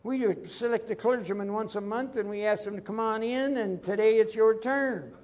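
A preacher voicing a man posing as a cheerful restaurant cook, with a put-on Southern accent and a high, loud, eager delivery. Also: normal speed, close to an everyday voice.

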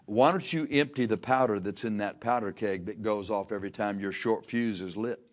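A man's voice: on the low side, normal speed. Man preaching a folksy, emphatic sermon. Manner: preaching with emphatic rises and repeated phrases. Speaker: pastor.

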